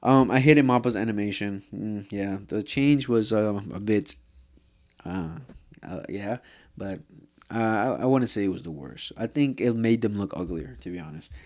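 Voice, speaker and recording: With a fairly low, darkish voice at a moderate pace, a male vlogger rants casually about a show. It's an anime rant that's heated and profane, packed with "bro," fillers and false starts.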